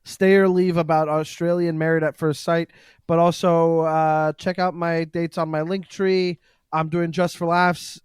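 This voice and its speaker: A man's voice: on the high side, clean tone, no room sound, studio quality. A comedian man in casual podcast chat, telling rambling, self-mocking stories. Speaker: comedian guest.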